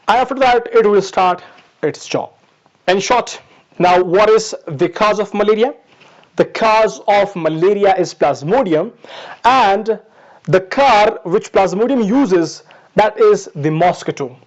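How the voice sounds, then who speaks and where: A man's voice: sits high, lively intonation, a little slow. A man giving a step-by-step pharmacology lecture, repeating key points and calling his students "my dears". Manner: repetitive, explains step by step, addresses students as "my dears". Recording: dull lo-fi recording.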